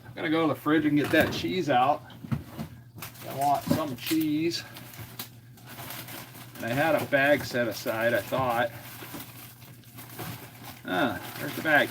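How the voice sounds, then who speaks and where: A man talks casually to his live-stream viewers from his home kitchen, narrating each small step as he goes. His voice sits at an ordinary middle pitch, with a faint hiss of background noise under it. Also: slow pace, pauses often. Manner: chatty, thinks aloud while working in the kitchen.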